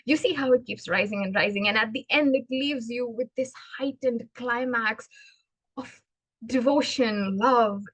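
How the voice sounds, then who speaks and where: A woman giving a prepared club speech on poetry, earnest and expressive, talking in a measured way. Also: on the high side, dry recording, low-quality recording. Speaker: club speaker.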